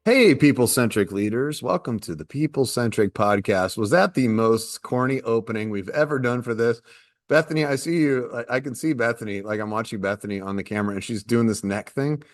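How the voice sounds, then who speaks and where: A man's voice: medium pitch, a little fast, no room sound, clean studio sound. A man hosting a podcast, playful and joking with his co-hosts before explaining a topic at length. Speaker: podcast host. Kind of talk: casual podcast chat.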